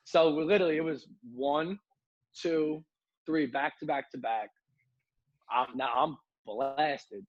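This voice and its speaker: A husky-voiced man who promotes nightlife spins an animated anecdote, acting out every quote. He talks loosely with plenty of fillers. The sound is dry and a little dull. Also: mid-range voice, normal speed, pauses often, dry recording. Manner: animated storyteller, acts out quotes, many fillers like "like". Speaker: nightlife promoter and podcast guest. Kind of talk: casual podcast storytelling.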